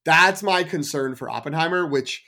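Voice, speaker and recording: A man's voice: on the high side, normal speed, pushed and bright. A man with a mid-range voice co-hosts a casual film podcast. He rambles, stumbles over repeated words and drops wry jokes. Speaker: podcast co-host.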